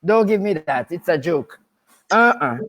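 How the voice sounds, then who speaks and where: A woman's voice: lowish voice, lively intonation, a little slow. An older woman, a nurse and midwife from Dominica, chatting as a radio guest in an emphatic way, firmly repeating her no's. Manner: emphatic, repeats herself, firm "no, no, no". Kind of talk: casual radio chat.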